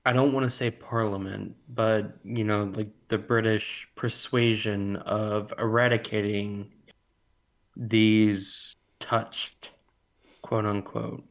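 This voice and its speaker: Slow, rambling man chatting on a podcast. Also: on the low side, little pitch movement, gravelly. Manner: rambling, jokey, loses his train of thought. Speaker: podcast co-host. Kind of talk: casual film podcast chat.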